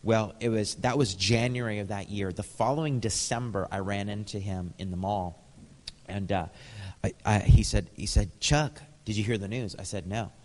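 Lower-voiced preacher in a reverberant hall. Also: male voice, moderate pace. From Canada. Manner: storytelling, lively, animated quotes. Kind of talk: sermon.

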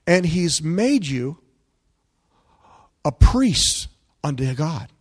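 A male pastor preaching a sermon to his congregation, asking them questions and building to loud, emphatic peaks. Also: on the high side, big pitch swings, drawn-out words.

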